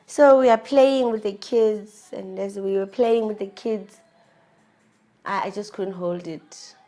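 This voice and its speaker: A woman's voice: medium pitch, slow, warm tone. A South African woman in her thirties, emotionally confiding a personal story with frequent restarts. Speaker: vlogger.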